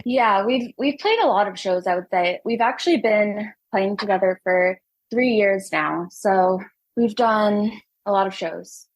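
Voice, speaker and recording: Young female singer guest, chatty and upbeat, slightly winded, mid pitch. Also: unhurried, rough recording. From United States. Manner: chatty, upbeat, laughs often. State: out of breath. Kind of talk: casual interview chat.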